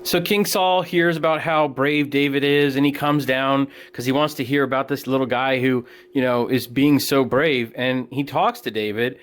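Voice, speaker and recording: A children's ministry teacher telling a Bible story to children in a casual, plain-spoken and animated way. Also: male voice, mid-range voice, moderate pace, few pauses.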